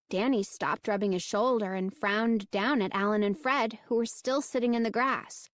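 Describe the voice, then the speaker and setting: A woman narrating a spooky children's audiobook in a measured storytelling manner. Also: medium pitch, steady tone, no echo, clean studio sound. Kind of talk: scripted narration.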